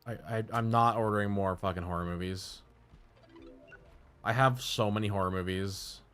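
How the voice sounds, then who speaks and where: A male streamer with a lowish voice rambles through crude stories between chat asides. He talks in a loose, profane, casual way. Faint music plays behind him. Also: steady tone, moderate pace, a bit bright.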